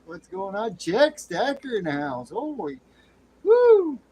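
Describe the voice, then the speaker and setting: A man hosting a late-night livestream chat in a folksy way, greeting viewers with loud whoops. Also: high-pitched, big pitch swings, a little slow, low-quality recording. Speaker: livestream host. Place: home studio with air conditioner running. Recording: faint air conditioner hum.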